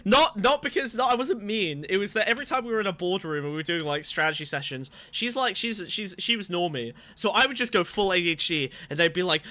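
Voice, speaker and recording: A man's voice: high-pitched, lively intonation, fast talker, sharp tone. A man co-hosting a podcast, telling a story in rambling, profane casual chat and laughing often. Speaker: podcast co-host.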